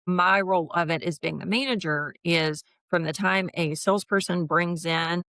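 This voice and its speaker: Chatty woman in her 50s, kinda low, gravelly voice, dry mic. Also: moderate pace, fairly bright tone, dry recording. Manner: chatty, acts out quoted dialogue, laughs often. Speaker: guest, HR consultant. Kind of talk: casual interview chat.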